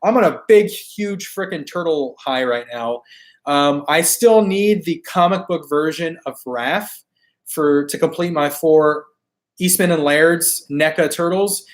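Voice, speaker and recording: Chatting with his viewers, a man hosting a toy collecting live stream stays laid-back and slangy, laughing easily between comments even as he loses his voice to hoarseness. He is pitched a little higher than most men and keeps a measured pace.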